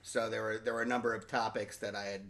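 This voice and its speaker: A man's voice: fairly low pitch, level tone, quick pace, fairly bright tone. A man in a casual podcast chat, speaking hesitantly and repeating words.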